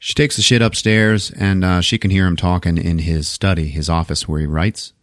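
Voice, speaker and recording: A man's voice: low voice, steady tone, moderate pace, dry recording, clean studio sound. A man casually recapping a movie plot on a podcast, laughing often and acting out the characters' lines, with some swearing. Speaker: podcast host.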